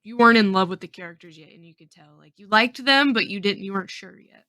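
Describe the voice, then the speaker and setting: Woman, bright voice, giggly, quick, podcast co-host. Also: medium pitch. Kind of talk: casual podcast chat.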